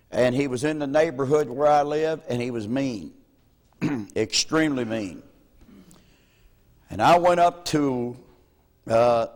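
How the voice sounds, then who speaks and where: A male pastor preaching a sermon through folksy personal stories, chuckling between lines, heard on an old VHS tape. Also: medium pitch. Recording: old VHS tape with long hall reverb.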